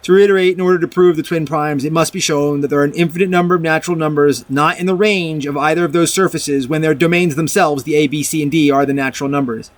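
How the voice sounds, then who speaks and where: Talking fast with hardly any pauses, a man with a slightly high, fairly even voice explains a math proof for viewers. His casual lecture rambles, with frequent restarts, as he reads from a document and comments.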